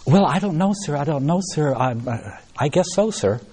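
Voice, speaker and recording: A man's voice: on the high side, lively intonation, normal speed, a little mellow, breathy edge, voice pushed up. A man voicing a flustered, apologetic young girl.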